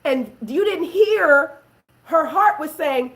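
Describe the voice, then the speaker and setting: A woman's voice: high voice, animated, slow, fairly bright tone, a little hiss or hum, rough recording. A woman as a prophetess, talking emphatically about relationships and telling stories with quoted voices. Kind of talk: preaching talk show.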